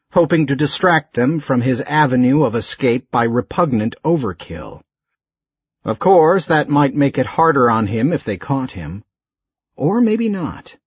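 Man narrating an audiobook, slow measured delivery, husky tone, lively intonation, dull dry lo-fi audio. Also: medium pitch, no echo. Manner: slow, measured, expressive reading.

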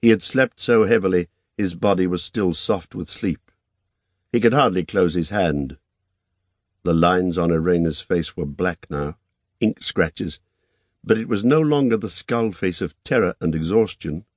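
Deep-voiced man reading an audiobook. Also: dry recording. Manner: calm, measured reading. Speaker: narrator. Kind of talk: audiobook narration.

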